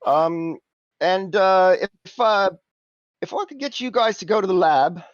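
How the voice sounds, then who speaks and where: A man's voice: high-pitched, lively intonation, a little slow, no echo, muffled recording, voice pushed up. A man voicing a brash, green-skinned punk lizard-man fixer with a cheeky, wheedling way of haggling.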